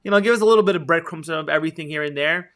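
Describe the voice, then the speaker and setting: A man's voice: fairly high pitch, very fast, fairly bright tone. A man co-hosting a podcast, talking casually and rambling with plenty of fillers. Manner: rambling, many fillers like "you know". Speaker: podcast co-host. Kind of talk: casual chat.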